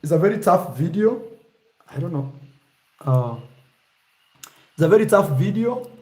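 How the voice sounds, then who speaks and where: Male vlogger, slightly high voice, animated and teasing, casual delivery. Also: unhurried. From Kenya. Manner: animated, teasing, shifts to mock accents. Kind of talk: casual vlog talk.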